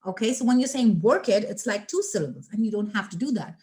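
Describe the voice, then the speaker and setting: A woman's voice: fairly high pitch, expressive, moderate pace, hardly any pauses, a little mellow. A woman teaching an online English lesson, chatty and playful, sounding out consonants as she explains.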